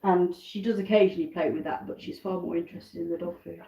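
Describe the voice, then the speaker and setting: A woman's voice: lowish voice, steady tone, fast, mellow, lo-fi sound. Chatty British woman in echoey kitchen. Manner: rambling and chatty, drifting between tasks and asides. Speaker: backyard chicken keeper hosting a live stream. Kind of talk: casual live-stream chat. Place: home kitchen.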